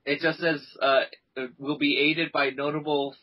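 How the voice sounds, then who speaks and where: A young man co-hosts a casual gaming podcast in a playful, joking manner. His voice is somewhat high and husky. The recording sounds dull and lo-fi. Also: little pitch movement. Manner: playful, jokey, quick to laugh. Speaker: podcast co-host.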